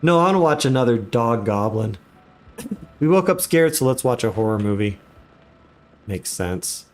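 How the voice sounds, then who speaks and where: A man giving relaxed, chatty commentary while live streaming a game. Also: mid-range voice, normal speed. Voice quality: relaxed, chatty, laughs often.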